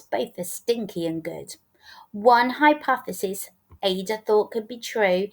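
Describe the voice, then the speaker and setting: A woman teacher reading a rhyming picture book aloud with a rhythmic, expressive delivery. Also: mid-range voice. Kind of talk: storybook read-aloud.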